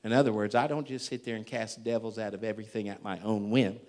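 A man preaching a sermon and telling a story, emphatic and dramatic, swinging between loud and hushed. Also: fairly low pitch, fairly even intonation, quick pace. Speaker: pastor.

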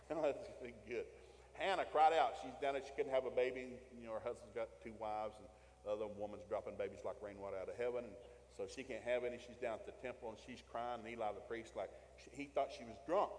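A man's voice: medium pitch, fairly even intonation, fast talker, a little mellow. A man preaching a sermon, telling Bible stories in a folksy way and acting out the quotes. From Tennessee, USA. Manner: folksy storytelling with acted quotes. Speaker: pastor. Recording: long hall reverb.

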